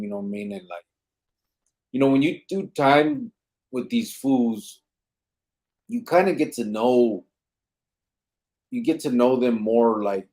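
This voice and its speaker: A man's voice: medium pitch, darkish tone. A man hosting a live podcast, reading out chat comments and talking in a laid-back way full of street slang and swearing.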